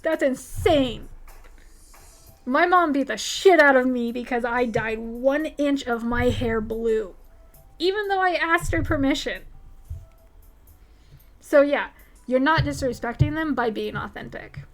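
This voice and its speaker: A woman's voice: high-pitched, animated, normal speed, faint music behind. A woman hosting a livestream, answering viewer questions in a candid, profane, emphatic way. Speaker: livestream host. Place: home streaming setup.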